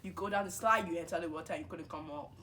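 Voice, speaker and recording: A preachy, scolding mother who repeats her warnings over and over in a low, slightly quieter voice, as her daughter puts her on. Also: quick pace, lightly acted.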